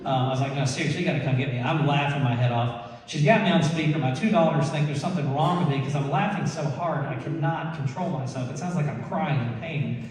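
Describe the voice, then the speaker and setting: A man telling a lively personal story to an audience, laughing and acting out the people he quotes. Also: a little high, fast talker. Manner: animated, laughing storyteller who acts out quotes. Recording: echoey hall, mic far off.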